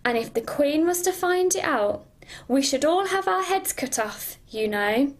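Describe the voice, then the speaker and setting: A woman's voice: high-pitched, expressive, unhurried, voice pushed up. A woman voicing a nervous, apologetic male playing-card gardener in a storybook reading, with rustic speech. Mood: anxious.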